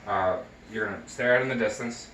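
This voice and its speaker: A man's voice: fairly low pitch, brisk, fairly bright tone, far from the mic, slight background noise. A young man, a nursing student, talking through a health exam step by step with frequent ums and uhs. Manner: hesitant, many fillers, explains each step. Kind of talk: recorded skills demonstration. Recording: echoey room, voice from off-mic.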